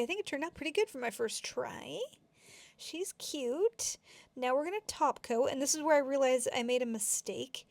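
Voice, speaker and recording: A young woman talks through a nail tutorial in a casual, giggly ramble, full of fillers. Her voice sits a little high and carries plenty of vocal fry. The sound is dry and close, with no room around it. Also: a little mellow, dry recording. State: a bit out of breath.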